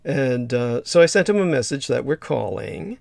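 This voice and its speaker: Hoarse gravelly man hosting a livestream. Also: medium pitch, expressive, a little mellow, dry recording. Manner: halting, many fillers and restarts. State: hoarse, losing his voice. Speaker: livestream host. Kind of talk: casual livestream chat.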